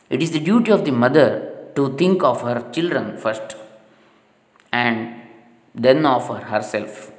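A man reading a spiritual text aloud in a slow, measured, solemn way. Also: medium pitch, animated. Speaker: reader. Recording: echoey hall with long reverb.

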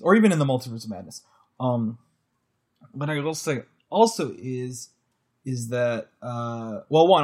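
A man co-hosting a podcast, chatting casually, laughing often and acting out lines as he reviews episodes. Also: mid-range voice. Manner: chatty, quick to laugh, acts out quotes. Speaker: podcast co-host.

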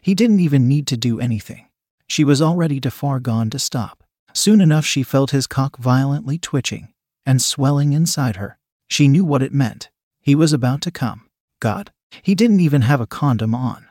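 Man, story narrator, steady read-aloud delivery, dry close recording, mid-range voice. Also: medium pitch, moderate pace, no echo.

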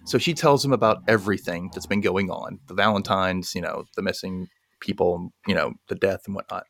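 A man's voice: low voice, fairly quick, gravelly, dry recording. A man casually recapping a film plot and acting out the characters' lines in a chatty way. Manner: animated, acts out the characters' lines. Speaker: podcast co-host.

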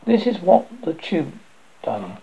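A man voicing a plump, asthmatic schoolboy who is anxious and eager to please, with a raised boyish pitch and plain working-class speech, in a storybook reading. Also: big pitch swings, slow pace, vocal fry, mellow, breathy edge, full character voice. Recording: dull lo-fi recording.

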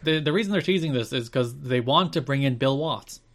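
A man co-hosting a podcast, recapping events in brisk casual chat and often repeating phrases. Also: medium pitch. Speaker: podcast co-host.

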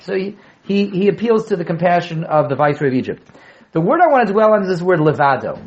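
Man, high voice, animated classroom teacher, repeats words for emphasis, dull lo-fi recording. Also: quick pace. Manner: animated, repeats key words, asks the class questions, joking asides. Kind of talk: Torah class lecture to students.

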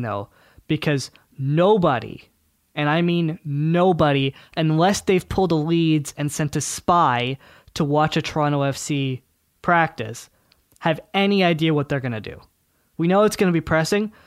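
A man co-hosting a sports podcast, chatting casually and thinking aloud with fillers and quick asides. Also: on the high side, no room sound, clean studio sound. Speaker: podcast co-host.

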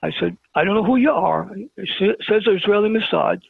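A man tells his story over the phone to a radio host, acting out each exchange as he goes. His voice sits high for a man and carries a strong gravelly rasp. The tinny, dry phone line cuts it down. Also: brisk, no echo. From Brooklyn, New York. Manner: animated storyteller who acts out the dialogue. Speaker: guest telling a personal story. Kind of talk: storytelling on a call-in radio show.

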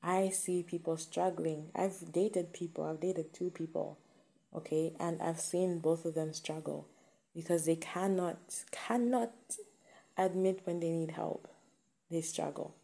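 A woman's voice: sits low, little pitch movement, measured pace, gravelly, warm tone. A woman giving an earnest, emphatic motivational talk to camera, repeating her key points.

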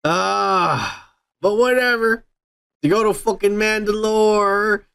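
A man's voice: high voice, fairly even intonation, takes it slowly, vocal fry, a bit bright, clear, resonant tone. A man hosting a podcast in casual chat, ranting and cursing freely. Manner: profane, ranting. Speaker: podcast host.

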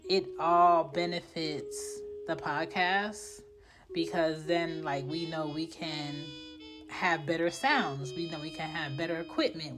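A woman in her thirties hosting a podcast, giving life advice in a casual, blunt and profane way. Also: sits low. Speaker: podcast host.

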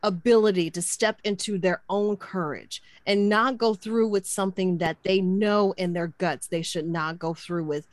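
A woman's voice: mid-range voice, steady tone, normal speed, few pauses, no echo. A woman co-hosting a podcast, telling a personal story earnestly and emotionally. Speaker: podcast co-host.

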